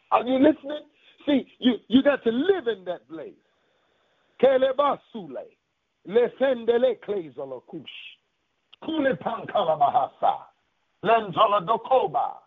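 A man preaching a radio sermon, making loud declarations and at times speaking in tongues. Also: high-pitched, creaky, breathy edge, dry recording. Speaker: pastor. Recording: tinny phone-like radio line.

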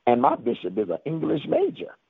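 A man preaching a radio sermon, making loud declarations and at times speaking in tongues. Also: fairly high pitch, huge pitch swings, a little fast, vocal fry, slightly rough, no echo. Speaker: pastor. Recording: tinny phone-like radio line.

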